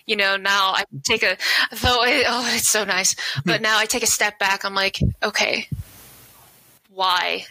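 A woman co-hosting a podcast with a bright, sharp voice, chatting casually and cursing freely. She tells stories by acting out what people said, raising her voice for the quotes. The sound is dry and close, with no room echo. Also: medium pitch, fairly even intonation, a little slow. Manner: swears freely, acts out quotes loudly when telling stories. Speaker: podcast co-host.

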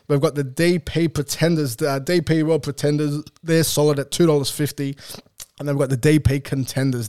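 Young aussie bloke doing a chatty podcast, kinda high voice, dry close sound. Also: male voice, a little mellow, no room sound. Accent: Australian. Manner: chatty, frequent uh fillers, banter and hype. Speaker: podcast host. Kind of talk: casual solo podcast chat.

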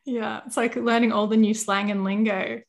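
A woman's voice: fairly high pitch, level tone, moderate pace, vocal fry. A woman hosting a casual interview, asking questions and backing her guest up with short affirmations. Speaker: podcast host.

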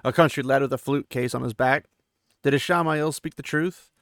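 A man's voice: mid-range voice, moderate pace, fairly bright tone, no room sound, studio quality, close to an everyday voice. A man voicing an ancient, scornful male sorcerer villain who taunts and threatens coldly. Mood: menacing. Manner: cold, mocking and threatening.

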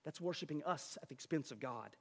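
A man's voice: on the high side, animated, fairly quick, fairly bright tone, long reverb tail. A man delivering a sermon as a pastor, in an emphatic, conversational style with asides to the congregation.

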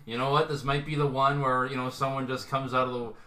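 A man's voice: medium pitch, level tone, fast talker, pushed and bright, roomy sound. A man hosting a casual comedy podcast quiz, talking loosely with lots of fillers and restarts. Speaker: podcast host and quizmaster.

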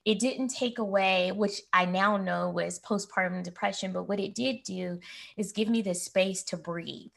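Gravelly-voiced woman in her forties. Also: mid-range voice, steady tone, measured pace, fairly bright tone, low-quality recording. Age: 40s. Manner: candid, reflective storyteller. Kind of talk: personal storytelling in casual chat.

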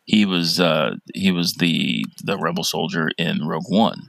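A man's voice: low-pitched, measured pace, gravelly, a bit bright, dry recording. A man co-hosting a casual podcast chat, talking hesitantly with many restarts. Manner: hesitant, lots of fillers and restarts. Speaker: podcast co-host.

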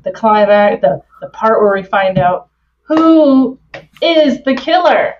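A woman's voice: fairly high pitch, lively intonation, slow pace, a crowd in the background. Canadian woman retelling a film scene. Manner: retells scenes step by step, many "like" and "um" fillers. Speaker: podcast guest. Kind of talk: casual film chat. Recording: slightly dull lo-fi audio.

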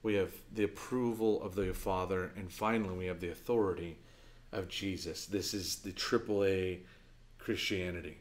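A man preaching a sermon as pastor, conversational and earnest, telling stories and dropping to a soft, low voice for his key points. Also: fairly even intonation, normal speed.

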